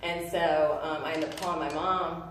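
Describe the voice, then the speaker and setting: A woman in her thirties giving a personal testimony, earnest and halting, full of fillers and restarts. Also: low-pitched, steady tone, slight background noise. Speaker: testimony speaker. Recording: echoey room, voice from a distance.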